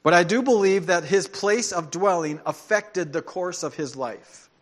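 A man preaching a sermon as pastor, telling stories with animation and dropping into soft, earnest tones. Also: high voice, measured pace.

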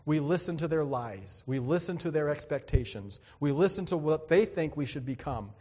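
A man's voice: on the high side, animated, moderate pace, a little mellow. A man preaching a sermon, telling a personal story in an earnest, dramatic way and acting out the other voices. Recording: long hall reverb.

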